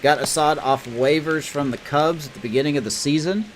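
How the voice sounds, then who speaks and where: A man's voice: fairly high pitch, fairly quick, a little hiss or hum. A man casually commenting on his baseball video game, chatty and self-deprecating, reacting to each play. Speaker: gamer playing a baseball franchise mode.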